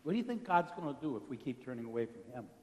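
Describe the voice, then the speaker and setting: A male pastor preaching a conversational sermon, asking the congregation questions and dropping to a quiet intensity for emphasis. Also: medium pitch, sing-song, very fast. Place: church sanctuary. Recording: long hall reverb.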